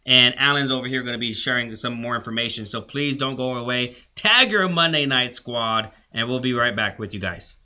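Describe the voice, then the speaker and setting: A man's voice: medium pitch, fairly even intonation, fast talker, hardly any pauses, bright, forceful tone. A man hosting a live podcast, upbeat and announcing breaks in a casual chat. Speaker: podcast host.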